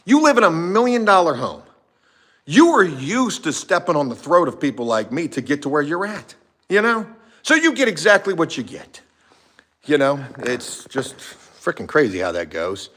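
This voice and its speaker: Animated, profane man telling a story. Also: a little high, normal speed. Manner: animated, profane, shifts from shouting to muttering. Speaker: vlogger telling a work story. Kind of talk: casual storytelling to a live chat.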